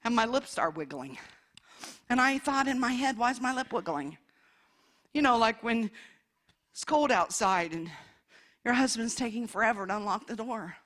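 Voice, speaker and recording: High bright fervent older woman preacher. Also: expressive, normal speed, long pauses. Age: 60s. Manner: fervent, calls out hallelujahs, shifts from loud to hushed. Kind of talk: Pentecostal sermon.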